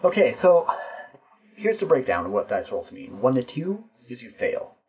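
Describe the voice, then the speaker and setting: A man's voice: medium pitch, sing-song, normal speed, darkish tone, husky, muffled recording. A man playing a tabletop game solo, narrating the scene and explaining his dice rolls and rules as he goes.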